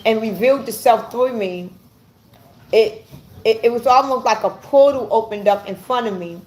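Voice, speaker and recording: Earnest woman recounting a vision haltingly. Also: fairly high pitch, a little hiss or hum. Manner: halting, repeats words as she searches for them; earnest and intense. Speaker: vlogger. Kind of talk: personal testimony.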